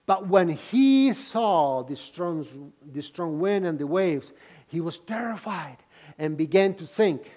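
A man's voice: high-pitched, expressive, slow pace, a little mellow. A man preaching a sermon, reading scripture and explaining it to listeners with frequent questions and restarts. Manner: repeats words and restarts phrases.

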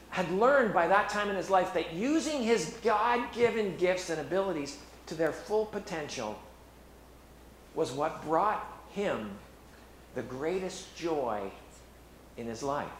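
A man's voice: on the high side, a bit bright, a little hiss or hum. Earnest man preaching in an echoey room. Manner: earnest, halting with many restarts. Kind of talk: sermon. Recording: echoey room with faint ambience.

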